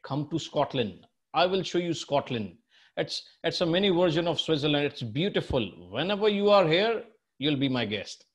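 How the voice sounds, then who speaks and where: A man's voice: fairly high pitch, animated, moderate pace. A man hosting a quiz-style interview, mixing English and Hindi and lavishly praising his guest. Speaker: quiz show host. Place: remote, living abroad.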